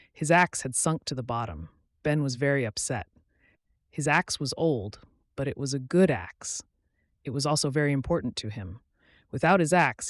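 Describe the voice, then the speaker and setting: A man hosting his channel, narrating a children's story clearly and expressively for English learners. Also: mid-range voice, no echo, clean studio sound.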